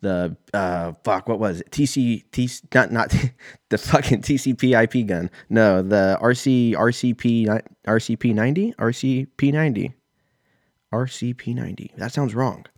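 A man's voice: mid-range voice, normal speed, no echo, studio quality. A man in his thirties, telling a rambling, profane, self-mocking story in a casual solo podcast. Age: 30s. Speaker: podcast host.

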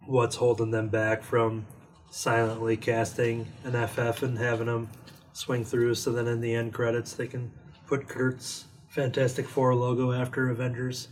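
A man's voice: mid-range voice, a little mellow. A man chatting casually about movies on a podcast, rambling with lots of "like" fillers. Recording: distant mic with faint noise.

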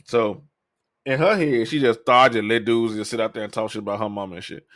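A man's voice: lowish voice, a little fast, a bit bright, dry recording, clean studio sound. A man hosting a podcast, telling a personal story in a loose, profane way and acting out what other people said. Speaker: podcast host. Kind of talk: casual storytelling.

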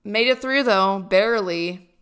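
A woman's voice: medium pitch, measured pace, a bit bright, smooth. A young woman in college chatting casually to camera, rambling and joking at her own expense with many fillers. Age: young adult. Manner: rambling, self-deprecating, lots of fillers. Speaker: college student vlogger. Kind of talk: casual chat.

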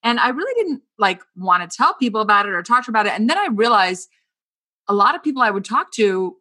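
A woman host with a bright, crisp voice asks her guest questions and shares her own story. She speaks in a chatty, empathetic way, at a mid pitch. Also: sing-song, brisk. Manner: empathetic, chatty, uses "like" often. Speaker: podcast host. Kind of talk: conversational interview.

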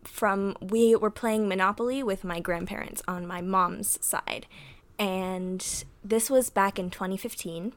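A woman's voice: medium pitch, fairly even intonation, measured pace. A young woman hosting a podcast, casually telling family stories with lots of giggles and filler words. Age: young adult. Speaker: podcast host. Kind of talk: casual storytelling.

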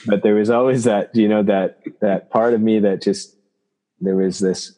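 A man, a chiropractor from Canada, telling personal stories in an interview, halting and reflective with many restarts. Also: lowish voice, steady tone, mellow. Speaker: guest, chiropractor.

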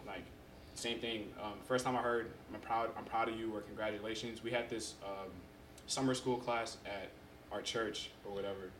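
A young man in casual conversation as a podcast guest, telling stories in an animated way and acting out what people said. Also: lowish voice, moderate pace, background noise. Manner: animated storyteller who acts out quotes. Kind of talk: casual chat. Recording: roomy echo.

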